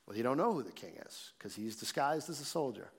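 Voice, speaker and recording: A man preaching a sermon, reading scripture slowly and then explaining it in a conversational way. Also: mid-range voice, big pitch swings, creaky, slightly rough. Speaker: pastor. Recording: long reverb in a large hall.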